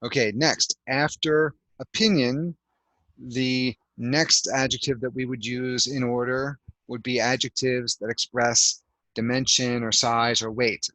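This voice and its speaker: A man's voice: medium pitch, fairly even intonation, unhurried, bright, forceful tone, no echo, low-quality recording. A man teaching an English grammar lesson over a video call, explaining patiently step by step with lots of fillers. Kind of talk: online language lesson.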